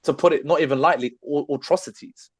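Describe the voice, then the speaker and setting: Earnest male podcast host, higher voice. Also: fast, breathy edge, dry recording. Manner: earnest, explaining at length. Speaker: podcast co-host, trained therapist. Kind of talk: casual chat.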